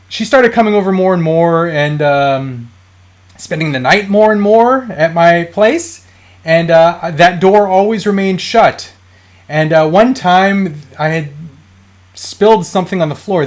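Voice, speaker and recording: A man in his thirties runs a toy collecting live stream, rambling casually through stories with lots of fillers and restarts. His voice sits on the high side.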